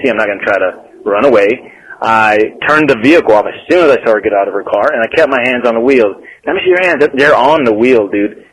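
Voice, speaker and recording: A man's voice: mid-range voice, fast talker, rough recording. Matter-of-fact man telling a story. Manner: earnest, matter-of-fact recounting. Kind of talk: casual storytelling.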